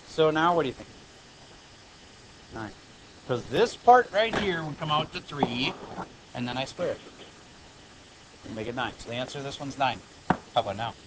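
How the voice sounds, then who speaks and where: A man teaching high school math in a classroom lecture, explaining steps plainly and breaking off into joking asides. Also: animated, moderate pace, pauses often, background noise.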